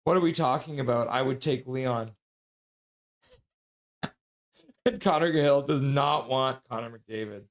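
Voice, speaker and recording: A young man hosting a live stream, casually chatting and reading viewer comments aloud with quick asides. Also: mid-range voice. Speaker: livestream host reading chat. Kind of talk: casual live reaction chat.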